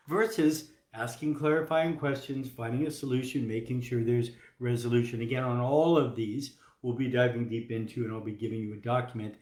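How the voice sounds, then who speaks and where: A man's voice: medium pitch, fairly even intonation, a little fast, hardly any pauses, a little mellow. A man coaching doctors in a casual, joking live talk, acting out examples. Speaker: health coach teaching doctors. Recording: roomy echo.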